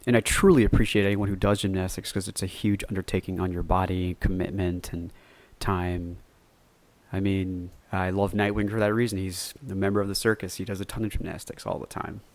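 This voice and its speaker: A podcast host with a low male voice tells a story from his own life, meandering and relaxed, dropping the odd curse word. The sound is dry, with no room around it. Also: a little fast, no room sound. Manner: rambling, loose, cusses freely. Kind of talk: casual solo storytelling.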